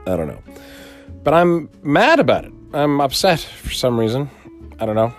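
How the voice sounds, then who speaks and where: A young man casually telling a vlog story in a rambling, profane, animated way. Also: medium pitch, moderate pace, soft background music. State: sleepy, just woke up. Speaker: vlogger.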